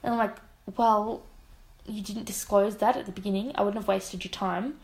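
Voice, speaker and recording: A woman's voice: mid-range voice, moderate pace. A young woman in her twenties with an Australian accent, co-hosting a casual podcast chat and acting out the voices in her stories. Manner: animated storyteller who acts out quoted voices. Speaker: podcast co-host.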